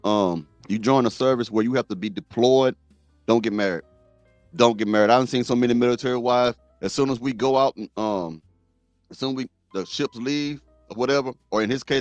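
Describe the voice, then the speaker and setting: A man's voice: mid-range voice, no room sound, lo-fi sound. Blunt preachy male commentary host. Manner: blunt, preachy, repeats himself for emphasis. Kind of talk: reaction commentary.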